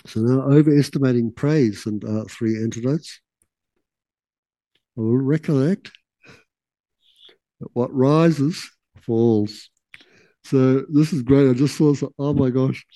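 A man giving a relaxed, casual teaching talk, with laughing asides and quotes that he acts out. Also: mid-range voice, no echo, poor audio.

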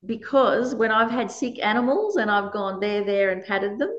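A woman's voice: medium pitch, normal speed, echoey room, muffled recording. A woman giving a conversational dharma talk as a meditation teacher. She laughs often while she teaches.

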